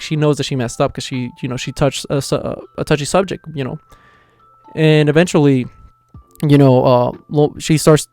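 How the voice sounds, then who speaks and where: A man's voice: mid-range voice, mellow, no room sound. A man casually reviewing an anime episode, retelling the plot in a loose, chatty way.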